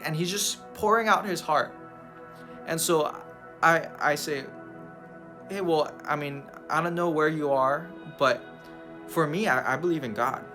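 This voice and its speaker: A man preaches to a youth group, spinning a personal story with eager, tumbling energy and frequent restarts. His voice sits a little high and sounds bright and forward. Soft music plays faintly behind him. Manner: animated, repeats words while telling a story. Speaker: youth pastor. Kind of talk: sermon storytelling.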